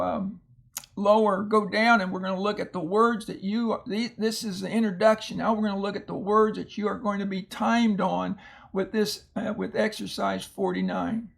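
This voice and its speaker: An older man teaching a recorded phonics lesson, explaining patiently and slowly with many fillers and restarts. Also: high voice, fairly even intonation, gravelly, a bit bright.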